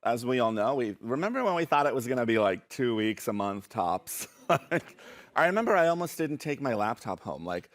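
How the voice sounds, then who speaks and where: A young adult man at a live show tells funny personal stories and reads poems, playful and self-mocking, often laughing through his lines. He's a spoken word poet and storyteller doing comic storytelling and poetry. His medium-pitched voice moves in big swings at a normal speed.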